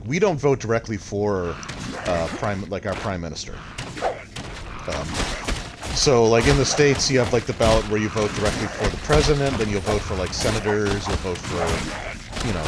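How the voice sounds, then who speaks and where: A man streaming a video game, rambling and thinking aloud as he chats with his viewers. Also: on the low side. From Canada. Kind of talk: casual gameplay commentary. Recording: loud steady background noise.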